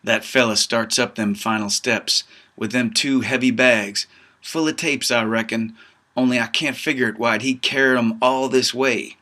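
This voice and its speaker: A man's voice: mid-range voice, steady tone, moderate pace, bright, forceful tone. A man reading his own novel aloud in first person, with a folksy drawling dialect and a tough-guy storyteller manner. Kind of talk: first-person audiobook narration.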